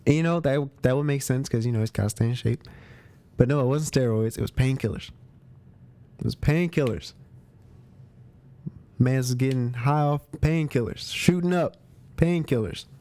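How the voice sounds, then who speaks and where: A man's voice: medium pitch, moderate pace, pauses often, warm tone. A man hosting a movie review show, chatting casually about spoilers in slang, often repeating himself and restarting his sentences.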